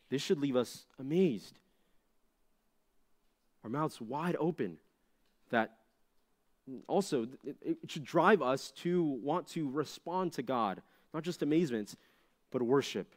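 A young adult man preaching a conversational sermon to junior high students, animated and full of rhetorical questions. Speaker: youth pastor.

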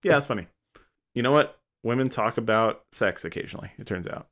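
A man's voice: medium pitch, animated, a little fast, background noise. A man co-hosting a podcast, chatting casually with a joking, rambling manner. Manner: joking, rambling, self-interrupting. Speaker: podcast co-host.

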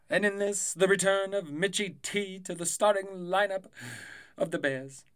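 A man's voice: high-pitched, measured pace, fairly bright tone. A young adult man hosting a podcast, talking casually and rambling with frequent swearing. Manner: rambling, profane, loose and chatty. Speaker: podcast host. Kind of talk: casual sports prediction podcast.

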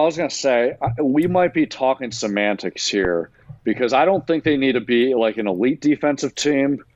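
A man, a sports writer, giving a measured, caveat-heavy analysis as a guest in a casual talk. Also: mid-range voice, dry recording, dull audio.

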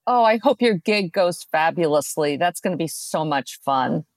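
A woman's voice: deep voice, lively intonation, moderate pace, no echo. A woman co-hosting a podcast, chatting casually and encouragingly. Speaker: podcast co-host.

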